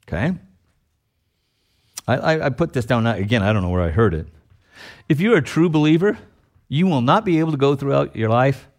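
A middle-aged man preaching a sermon as pastor, talking in a loose, conversational way and dropping in frequent "okay?" check-ins. His voice sits somewhat high for a man and swings widely in pitch, rising and falling as he tells the story. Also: a bit bright.

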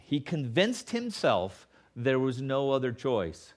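A man preaching a sermon as pastor, animated and sarcastic, acting out the excuses of others. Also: mid-range voice, slow pace. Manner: animated, acts out quoted voices with sarcasm.

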